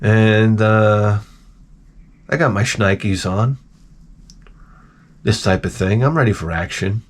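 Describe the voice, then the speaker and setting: A man's voice: fairly low pitch, slow pace, long pauses. A man telling comic stories to camera in a rambling, exasperated, profane rant full of restarts. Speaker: vlogger. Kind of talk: comedic storytelling rant.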